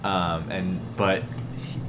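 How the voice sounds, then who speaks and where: A man running a tabletop game as game master, narrating in a laid-back, halting way over background music. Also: deep voice, flat delivery, background noise.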